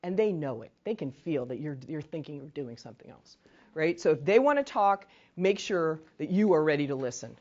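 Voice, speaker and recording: A woman's voice: deep voice, sing-song, a little fast, a little mellow, muffled recording. A woman trainer leading a workshop in a conversational way, often checking in with "right?" and acting out sample phrases. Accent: New England. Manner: acts out short sample phrases to victims. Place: training room.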